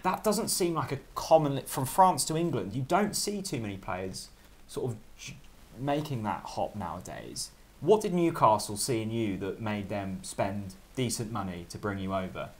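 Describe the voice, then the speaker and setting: A man's voice: on the low side, expressive, normal speed. A man hosting an interview, asking his guest questions and nudging him on with short replies. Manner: short encouraging replies, conversational. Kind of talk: casual interview.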